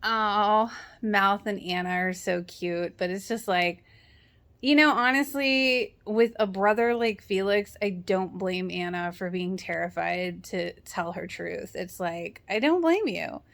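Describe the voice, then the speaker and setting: A woman's voice: medium pitch, slow pace, creaky, a bit bright. A young woman casually recapping a TV episode, sarcastic and chatty, acting out the characters' lines as she goes. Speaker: TV show reaction vlogger.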